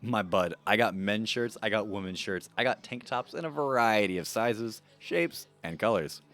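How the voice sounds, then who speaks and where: A man's voice: on the low side, normal speed, a bit bright. A man voicing a pushy male shirt salesman in a video game, in a showy sales patter. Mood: salesy.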